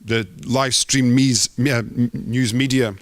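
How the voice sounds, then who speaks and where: A man's voice: medium pitch, steady tone, a little slow, no echo. A man giving a theatrical, poetic performance talk as an artist on stage.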